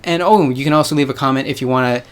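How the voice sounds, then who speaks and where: A young American vlogger races through a casual monologue to his viewers in a clean, mid-range voice. He rambles, hedging his points and dropping slang.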